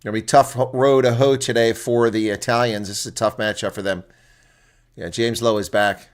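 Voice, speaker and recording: A man's voice: mid-range voice, steady tone, moderate pace. A man hosting live rugby reaction commentary, reading out team lineups and chatting bluntly with viewers. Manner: chatty, blunt, exclaims often.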